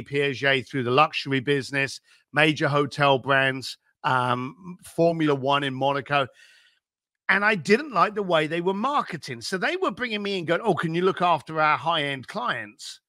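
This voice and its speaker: A man being interviewed as an entrepreneur, giving blunt, energetic business advice and swearing casually. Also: a little high, normal speed, no room sound, clean studio sound. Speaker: entrepreneur guest.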